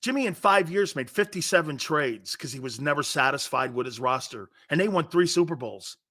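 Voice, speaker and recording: Animated, blunt sports talk host, man. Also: fairly quick. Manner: animated, blunt storytelling with swings in pitch and loudness.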